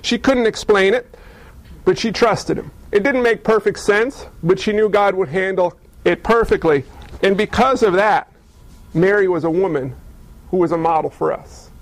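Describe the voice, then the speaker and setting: Guy preaching, high voice with lots of gravel, chatty storytelling, dry close sound. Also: moderate pace, no echo, low-quality recording. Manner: storytelling, conversational, rhetorical questions. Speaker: pastor. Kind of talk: sermon.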